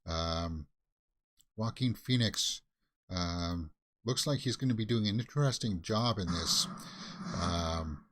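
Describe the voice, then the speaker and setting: A man's voice: low voice, slow pace, pauses often, fairly bright tone, a little hiss or hum. Rambling man reacting to a movie trailer. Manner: loose and rambling, many fillers and restarts. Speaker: movie talk show host. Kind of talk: casual trailer reaction commentary.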